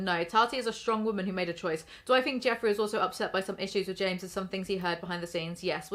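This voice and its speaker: A woman's voice: medium pitch, a bit bright. Young woman, commentary rant: sarcastic, blunt, swears a lot, mid-range voice. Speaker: commentary YouTuber.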